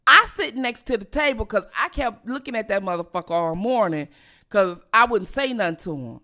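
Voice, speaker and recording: A woman's voice: medium pitch, normal speed. A middle-aged woman vlogger telling a childhood story casually, cursing freely and talking straight to her viewers. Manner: profane, animated, addresses viewers directly. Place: at home.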